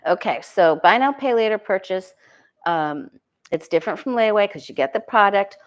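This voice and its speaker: A woman's voice: mid-range voice, animated, moderate pace. Woman tarot reader, casual solo talk, muses aloud, self-questioning, frequent restarts.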